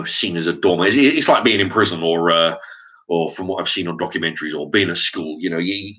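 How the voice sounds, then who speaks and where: A man's voice: deep voice, pushed and bright. A man telling a story in a casual vlog monologue, swearing freely and often restarting his sentences, checking in with "right?". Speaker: vlogger.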